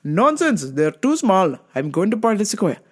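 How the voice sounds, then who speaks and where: A woman's voice: medium pitch, very animated, normal speed. A woman imitating her stubborn, overly formal father who insists on doing things his way.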